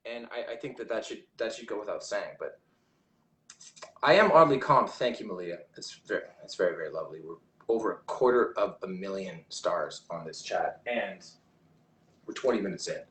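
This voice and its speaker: A man's voice: low voice, brisk, reverberant. A man hosting a casual livestream, reading viewer comments aloud in a rambling way with frequent restarts. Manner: rambling, restarts often, reads chat aloud. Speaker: livestream host.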